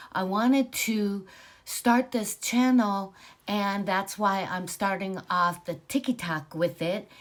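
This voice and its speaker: A woman in her sixties casually telling her own spiritual story, rambling with many fillers and growing animated at times. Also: mid-range voice. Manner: rambling, filler-heavy, animated when excited.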